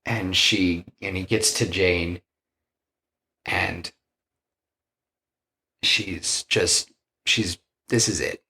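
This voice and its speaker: A deep-voiced man talks slowly and loosely on a podcast, walking through a film scene by scene. He now and then slips into the characters' lines with some drama, and restarts his sentences often. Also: fairly even intonation, pushed and bright. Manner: retells scenes, acting out quoted lines; loose, rambling with restarts and "you know". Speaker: podcast co-host pitching a film. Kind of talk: casual storytelling chat.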